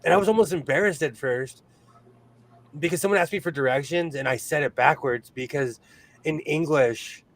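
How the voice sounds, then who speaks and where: Man, sewing livestream host, from California, casual chat, laughs often, slightly high voice. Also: moderate pace. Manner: chatty, laughs often, reads chat aloud.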